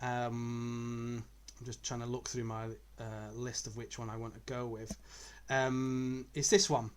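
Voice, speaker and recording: A man's voice: mid-range voice, little pitch movement, measured pace, clean tone. A man co-hosting a casual football podcast, easygoing and chatty, laughing readily. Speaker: podcast co-host.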